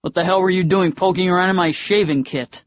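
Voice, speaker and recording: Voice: medium pitch, fairly even intonation, fairly quick, pitched above the performer's own voice, close to an everyday voice. An audiobook narrator voicing an angry, blunt young man who speaks in clipped, hard phrases. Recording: dry, slightly dull audiobook recording.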